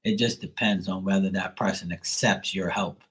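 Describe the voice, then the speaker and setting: A man's voice: sits low, moderate pace, rough recording. Rambling man chatting on a live stream. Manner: rambling, animated storytelling with frequent "you know" and "like". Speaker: tarot reader and live-stream host. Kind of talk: casual live-stream chat.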